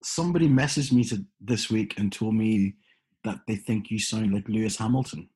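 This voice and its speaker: A man's voice: fairly low pitch, moderate pace, a little mellow, slightly rough. A man co-hosting a casual podcast chat, joking wryly and laughing often. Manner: laughs often, wry jokes. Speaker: podcast co-host.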